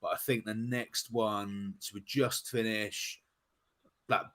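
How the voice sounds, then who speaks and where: A British man with a lowish voice chats on a podcast, joking around and rambling through fillers and restarts. His talk is casual and friendly, sliding from teasing into his point. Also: steady tone, takes it slowly, a bit bright. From United Kingdom. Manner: jokey, laughing, rambling with fillers. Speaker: podcast guest co-host.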